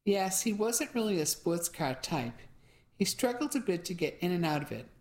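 A relaxed young handyman who answers questions plainly and matter-of-factly, as a woman narrator puts him on. She gives him her low voice. It comes from a storybook reading. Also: moderate pace.

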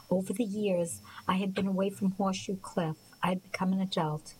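A woman narrating a novel as an audiobook, in a soft, quiet voice that sometimes drops to a whisper. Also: medium pitch, a little hiss or hum, low-quality recording.

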